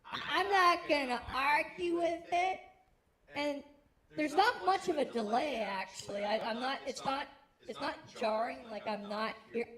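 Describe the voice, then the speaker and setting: A man talking through a pitch-raising "female" voice-changer preset, rambling and mocking himself. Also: unhurried, crowd noise. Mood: amused.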